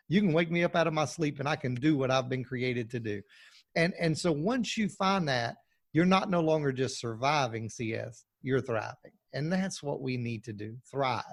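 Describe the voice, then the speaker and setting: Man pastor on a podcast, emphatic preachy talk, keeps restarting his sentences. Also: mid-range voice. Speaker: pastor and guest. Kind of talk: podcast interview.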